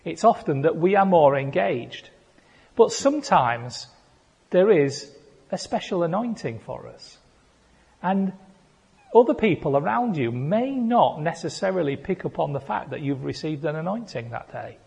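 A high-voiced British man preaches slowly and earnestly, swelling into fervent pleas. His voice is husky. It rings with a long reverb in a church hall. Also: a little mellow. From Britain. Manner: earnest, building to fervent crying out. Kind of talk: sermon.

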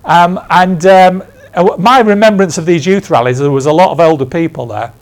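In a church, an English man in his sixties preaches a conversational sermon, weaving stories with emphatic, self-deprecating asides. His voice is high and runs a little fast.

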